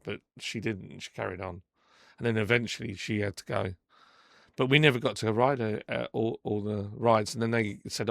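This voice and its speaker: A man hosting a podcast, retelling a story with animated indignation and acting out the quotes. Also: lowish voice, moderate pace, vocal fry, no echo, clean studio sound. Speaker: podcast host. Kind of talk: casual storytelling.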